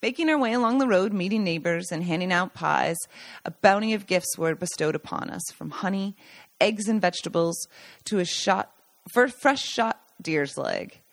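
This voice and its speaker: A woman's voice: on the low side, animated, normal speed, no room sound. Woman reading her memoir aloud. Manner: warm storytelling read with small slips, restarts and laughs. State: choked up at times. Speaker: podcast host reading her own book.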